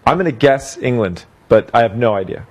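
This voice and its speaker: A man in the crowd calls out from well away from the microphone, his voice rising and falling widely as he teases the presenter. His pitch sits in the middle of the usual range for a man. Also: lively intonation, brisk, a little mellow, slight background noise. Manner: teasing banter from the crowd. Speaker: audience member.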